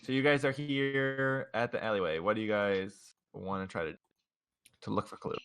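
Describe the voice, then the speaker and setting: A man's voice: fairly low pitch, fairly even intonation, normal speed, a bit bright, smooth. A young man running a tabletop game as game master, loose and chatty, often laughing.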